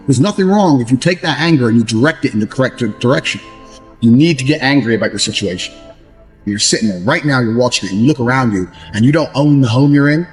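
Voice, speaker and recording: A man, ranting bluntly and profanely in a motivational talk, scornful of others. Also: medium pitch. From England. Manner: profane, scornful, mocks others in put-on voices. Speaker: motivational speaker. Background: faint background music.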